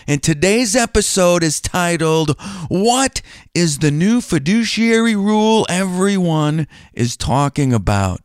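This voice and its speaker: A man's voice: on the high side, clear, resonant tone, no echo, studio quality. A middle-aged man hosting a podcast as a financial planner, chatty and self-deprecating in a casual style.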